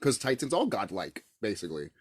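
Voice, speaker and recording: A man rants to his camera in a loose, profane, emphatic way, his pitch jumping around a lot. The sound is dry and close, with no room around it. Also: big pitch swings, fairly quick, no echo. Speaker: vlogger. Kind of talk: casual spiritual rant to camera.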